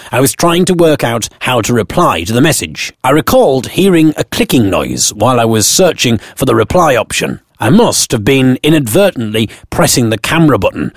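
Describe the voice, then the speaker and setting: A British man with a medium-pitched voice tells a comic first-person tale from his blog, full of wry, self-deprecating asides. The recording is dry and of studio quality.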